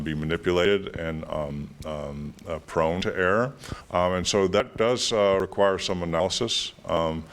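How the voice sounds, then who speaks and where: A man's voice: sits low, fairly bright tone. A man giving a guest lecture and answering audience questions, thinking aloud with many fillers and restarts. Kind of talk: academic Q&A answer.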